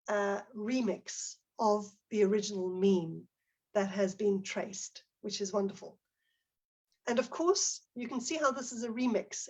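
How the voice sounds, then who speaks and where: A woman's voice: medium pitch, darkish tone. A middle-aged woman presenting a teacher-training webinar, explaining examples and reading out participants' chat comments.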